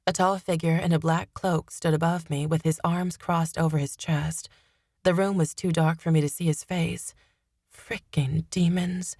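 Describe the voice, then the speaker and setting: A woman reading first-person fantasy narration in a steady, measured way. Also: deep voice, no room sound, studio quality. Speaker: audiobook narrator.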